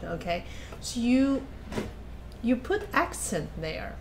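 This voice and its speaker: A woman's voice: on the high side, expressive, measured pace, slight background noise. A woman giving patient masterclass feedback as a piano teacher, explaining plainly and counting or humming passages aloud. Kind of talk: masterclass feedback on a recorded performance. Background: piano playing.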